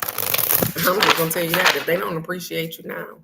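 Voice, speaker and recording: A woman hosting a casual livestream, talking loud and fast with slang, swearing and lots of laughter. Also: fairly low pitch, flat delivery, vocal fry, heavy background noise. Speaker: spiritual card reading host. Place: on a trip abroad.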